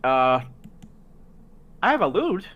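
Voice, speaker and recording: A man's voice: fairly high pitch, very animated, slow pace, narrow, tinny audio. A man playing a bard in a tabletop game, hesitant and stammering, with a joking manner. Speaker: player.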